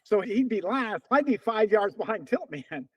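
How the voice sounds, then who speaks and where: This veteran distance runner, around seventy, is an interview guest swapping stories conversationally, playing out remembered dialogue in quotes with lively energy. He speaks at a normal speed in a high, husky voice, and the audio sounds dull.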